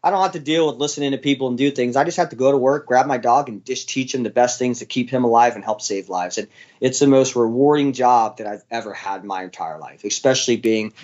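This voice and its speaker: A man's voice: medium pitch, fast, darkish tone, highs cut off. A man, a former military dog handler, telling his story in an interview in a casual, blunt way with plenty of fillers and the odd swear.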